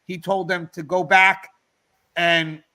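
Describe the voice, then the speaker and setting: A middle-aged man hosting a livestreamed talk show, chatting casually and telling a story to his viewers in an animated way. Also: high voice, slow pace. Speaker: podcast host. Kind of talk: casual storytelling to a live chat.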